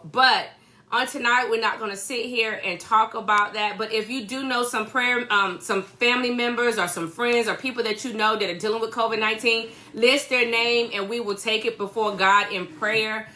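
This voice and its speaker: A woman's voice: a little high, sharp tone. A woman in her thirties co-hosting a casual church livestream from home, greeting viewers by name and chatting.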